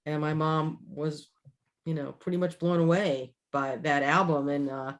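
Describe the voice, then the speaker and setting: Casual chat co-host, a woman in her 60s, animated and full of restarts. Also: low voice, unhurried. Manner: animated, laughs often, many restarts. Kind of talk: casual chat, personal storytelling.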